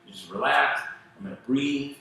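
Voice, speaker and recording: A male pastor preaching a sermon, telling stories in an animated way and acting out the voices of the people he quotes. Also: mid-range voice, normal speed, creaky, heavy reverb, a little hiss or hum, rough recording. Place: church sanctuary.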